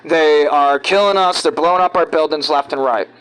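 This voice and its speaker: A man from giving rambling, halting, conspiratorial commentary over video clips. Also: fairly high pitch, a bit bright, smooth, poor audio. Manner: halting, restarts often, conspiratorial. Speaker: vlogger.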